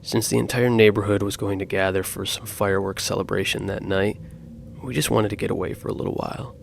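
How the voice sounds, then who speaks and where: A man narrating true horror stories in a slow, grave scripted style. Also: lowish voice, fairly even intonation, creaky, slight background noise.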